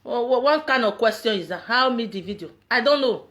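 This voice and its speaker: A Nigerian woman giving an impassioned social media message, emphatic and repetitive, often shouting and laughing between words. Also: fairly high pitch, lively intonation, brisk.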